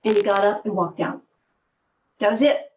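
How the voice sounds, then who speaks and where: An older woman telling stories in a relaxed conversation, animated and laughing often, often trailing off mid-sentence. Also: mid-range voice, moderate pace, distant mic, slight background noise, low-quality recording. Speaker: guest, movement teacher. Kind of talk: conversational storytelling.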